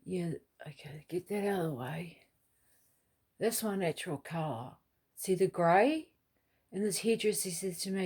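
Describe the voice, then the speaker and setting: Husky, rambling New woman. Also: fairly low pitch, measured pace, darkish tone. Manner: chatty, rambling, swears casually. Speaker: vlogger. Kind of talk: rambling home vlog. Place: small home unit, kitchen.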